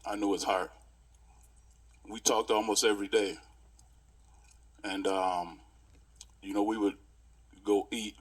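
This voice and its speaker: A man in his sixties, a pastor, giving a heartfelt memorial tribute and reminiscing in stories with many pauses. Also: on the low side, a bit bright, husky.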